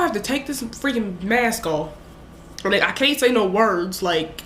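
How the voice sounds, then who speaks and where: A young vlogger retells a story at a moderate pace in a voice that's a little high, rambling casually and acting out the lines she said. It's recorded in an echoey room with slight background noise, and her delivery is animated.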